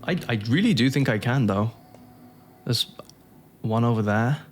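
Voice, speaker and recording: A man's voice: mid-range voice, lively intonation, a little slow, soft background music. A man giving casual commentary on his own gameplay, thinking aloud and chuckling to himself. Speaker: gaming YouTuber.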